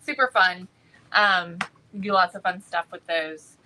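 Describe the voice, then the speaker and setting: Running a live-stream product showcase for a craft shop, a middle-aged woman chats and responds to viewer comments at a moderate pace. Her lowish voice sounds pushed and bright, over a low-quality recording with slight background noise.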